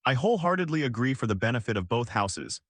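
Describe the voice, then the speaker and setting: A proud young noblewoman heir speaks in a soft, awkward way, as a man reads her lines. Her delivery moves up and down with animation, and the recording is close and dry. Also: mid-range voice, sing-song, fast, no room sound.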